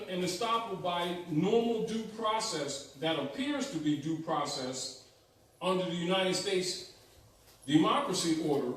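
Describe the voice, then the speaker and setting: A man giving a teaching lecture, emphatic and repetitive, often checking in with his listeners. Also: fairly high pitch. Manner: emphatic, repeats points, asks "right?". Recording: echoey room from far off, faint noise.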